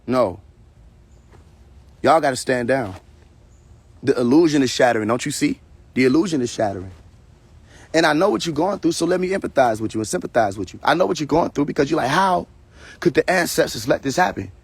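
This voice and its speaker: A man's voice: mid-range voice, lively intonation, brisk, long pauses, breathy edge, no room sound. A man hosting a live stream, ranting in a confrontational, preachy way, full of profanity and repeated phrases, talking from a phone. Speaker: livestream host. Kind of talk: heated casual rant on a live stream.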